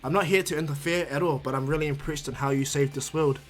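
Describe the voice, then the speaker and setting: A man voicing a calm, proud, all-powerful male overseer of the multiverse in a fan-made anime story, speaking low and gently. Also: fast, soft background music, close to an everyday voice. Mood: calm, kindly.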